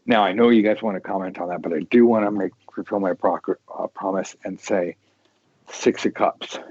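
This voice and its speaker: Man, show host, casual chat, rambling, animated, lots of restarts, muffled lo-fi recording. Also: sits low, moderate pace, no room sound. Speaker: tarot podcast host.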